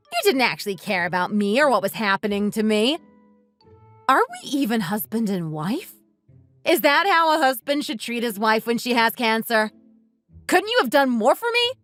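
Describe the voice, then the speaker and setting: A woman plays a bitter wife in a texting-story drama. Her voice sits high and moves a lot as she lays out her grievances bluntly. Faint music runs underneath. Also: fairly bright tone. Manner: accusing, resentful, blunt. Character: bitter wife divorcing her uncaring husband. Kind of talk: text-message story dramatization.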